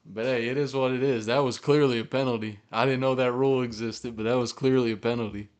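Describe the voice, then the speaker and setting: Male podcast host, live game reaction, excitable fan who swears, mid-range voice, close podcast mic. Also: mid-range voice, fast talker. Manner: excitable, swears, cheers and groans at plays.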